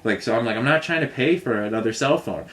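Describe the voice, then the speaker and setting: A man's voice: medium pitch, fast talker, a bit bright. Man, casual vlog monologue, venting and rambling with a mid-range voice and a heavy use of filler words. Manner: frustrated, rambling storytelling full of "like" and "you know what I mean". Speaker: vlogger recounting a customer complaint.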